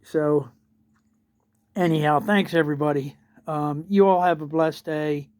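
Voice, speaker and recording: Slow, halting chaplain giving a morning update. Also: male voice, a little high, fairly even intonation, darkish tone, no echo, clean studio sound. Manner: halting, searching for words, many restarts. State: sleepy, yawning. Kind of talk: casual morning video update.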